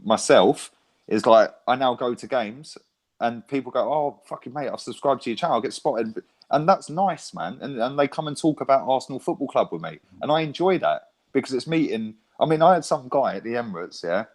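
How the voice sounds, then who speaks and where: A man in casual chat, swearing freely and constantly checking for agreement. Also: mid-range voice. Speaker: fan YouTuber guest.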